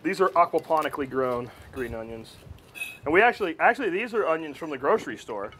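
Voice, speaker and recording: Lively, bright-voiced man. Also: a little high, quick pace, slight background noise. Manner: jokey, laughs often, tells stories animatedly. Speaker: co-host of a cooking show. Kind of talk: casual banter while cooking.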